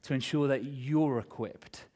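In this sermon, a middle-aged male pastor shares a personal story with animated feeling, moving back and forth between loud and hushed delivery. He speaks at a medium pitch and a little slowly.

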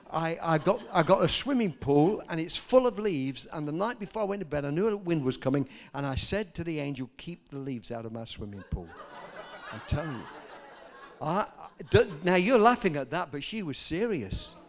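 An older man preaching a sermon, telling stories and rising to loud, emphatic peaks. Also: a little high, lively intonation, moderate pace, a little hiss or hum. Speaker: pastor.

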